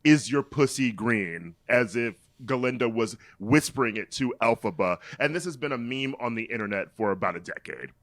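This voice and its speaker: A man co-hosting a podcast in casual pop-culture chat, telling the story with animated delivery and laughing easily. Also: medium pitch, fairly quick, few pauses, dry recording. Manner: animated storytelling, reads quotes aloud with mock drama, laughs often. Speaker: podcast co-host.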